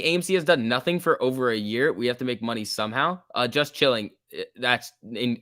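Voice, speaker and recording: A man's voice: mid-range voice, a bit bright, no room sound. Chill guy doing a stock stream, chatty, dry close sound, reads chat. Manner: laid-back, chatty, laughs often, talks to chat. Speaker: stock market livestream host. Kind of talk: casual livestream commentary reading chat.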